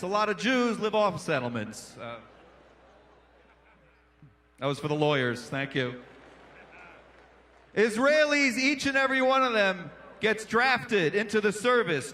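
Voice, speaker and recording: A man doing stand-up on an arena stage, his voice pitched high and bright with a sharp edge. He lands jokes with a punchy rhythm and works the crowd between bits, speaking into a handheld mic. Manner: punchy, playful, riffs with the crowd. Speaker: comedian and emcee. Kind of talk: stand-up comedy set. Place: large indoor arena stage.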